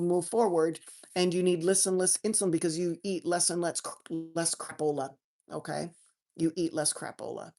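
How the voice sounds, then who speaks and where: Woman, health coach doctor, live stream host, folksy slang, lower voice, restarts a lot. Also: darkish tone. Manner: chatty and folksy, frequent restarts, homey slang. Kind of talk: casual live-stream chat answering viewers.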